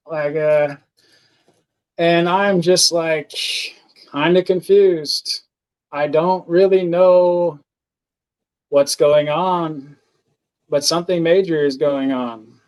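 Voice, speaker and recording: A man speaking slowly and earnestly, his voice sitting a little high for a man. He tells a personal story as a podcast guest, halting often, restarting his sentences and filling gaps with words like "like". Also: darkish tone, smooth, low-quality recording. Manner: slow, halting, earnest, with many fillers and restarts.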